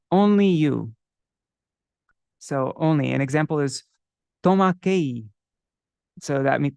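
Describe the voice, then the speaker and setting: In a live class, a man with a slightly high, somewhat mellow voice and some vocal fry teaches a devotional song text, chanting scripture verses slowly. He explains the words one by one and stops to look them up in a dictionary. The sound is clean studio quality with no room sound.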